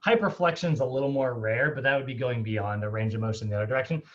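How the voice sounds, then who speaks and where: A man's voice: mid-range voice, racing. Male fitness instructor, chatty online lecture, dull lo-fi call audio. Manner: casual, upbeat, chatty with fillers and laughs. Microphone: video call.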